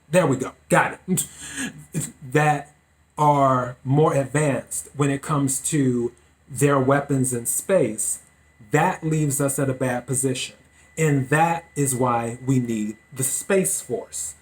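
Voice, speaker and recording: A man hosting his own podcast, giving deliberate, opinionated solo commentary. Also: mid-range voice. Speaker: podcast host.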